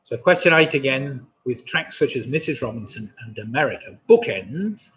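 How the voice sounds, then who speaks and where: A man's voice: mid-range voice, fairly quick, bright, forceful tone. Chatty man hosting a pub quiz. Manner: chatty, rambling asides, jokey. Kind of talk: live online quiz hosting. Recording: dull lo-fi stream audio.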